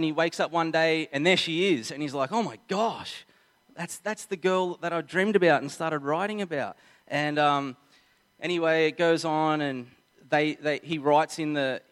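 A man's voice: fairly high pitch, a bit bright. A man preaching a sermon to a crowd, telling a story with many restarts and repeated words. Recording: long hall reverb.

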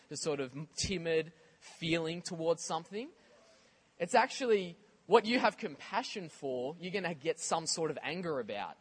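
With a fairly high voice and a moderate pace, this preacher keeps his sermon animated and conversational, making offhand remarks to the congregation.

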